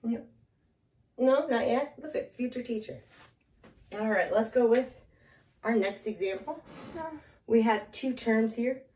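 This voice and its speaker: A woman's voice: a little high, measured pace, pauses often, darkish tone. Woman, math teacher, talks through steps aloud, chats with a small child, slightly out of breath, echoey room, distant mic. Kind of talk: casual math lesson at a whiteboard.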